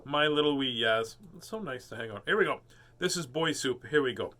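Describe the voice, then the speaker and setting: A man's voice: mid-range voice, lively intonation, brisk, pushed and bright. A man casually chatting and reading a picture book aloud, breaking into dramatic lines for the characters. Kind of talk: storybook read-aloud with chat.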